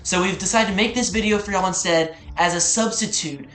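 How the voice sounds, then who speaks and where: A man's voice: high-pitched, brisk, a bit bright. A man co-hosting a game development update in a casual, upbeat way, with playful asides. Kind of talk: casual chat. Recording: roomy echoey room.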